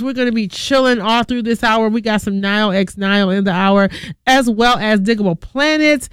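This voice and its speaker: Smooth-voiced upbeat woman radio DJ. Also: mid-range voice, dry recording. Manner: upbeat and slangy, talks straight to listeners. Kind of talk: casual radio show chat. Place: radio studio.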